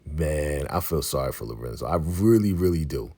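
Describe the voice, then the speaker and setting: A man casually recapping an episode, excitable and acting out the lines. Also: extremely low pitch, normal speed. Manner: excitable, acts out quotes. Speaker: show recap vlogger.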